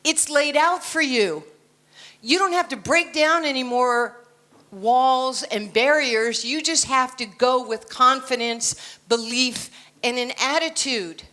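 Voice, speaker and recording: Her voice is high, slow, bright, and forceful as this American woman in her sixties delivers a motivational keynote at an indoor conference. She comes across as blunt and confident, punctuating the talk with jokes.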